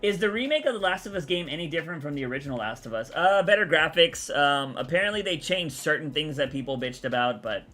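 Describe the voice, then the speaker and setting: A man's voice: on the high side, lively intonation, fast talker, few pauses, pushed and bright. A man from Texas, rambling casually as he answers chat on his live stream. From Texas, USA.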